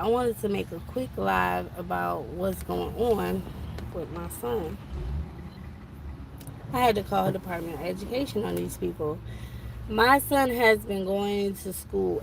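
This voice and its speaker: Gravelly-voiced mom venting on a live stream. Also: female voice, medium pitch, noisy background. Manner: chatty, exasperated storytelling. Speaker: vlogger. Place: eye doctor's office.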